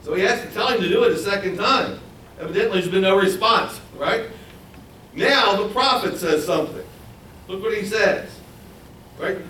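A man preaching a Bible sermon, animated and acting out the quoted voices. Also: normal speed, long pauses, slight background noise. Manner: animated, acts out quoted voices in a higher pitch. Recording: echoey room, voice from far off.

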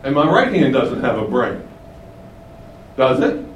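A man's voice: medium pitch, big pitch swings, unhurried, echoey room, distant mic, slight background noise, low-quality recording. A man preaching an expository sermon in a conversational way, often asking rhetorical questions and building up emphasis. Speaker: pastor.

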